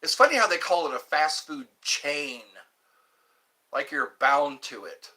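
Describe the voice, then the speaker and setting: Animated, high-voiced man hosting a livestream. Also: a little slow. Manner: chatty, rambling, animated, with pitch leaps when greeting viewers. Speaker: livestream host. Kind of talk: casual livestream chat reading viewer comments.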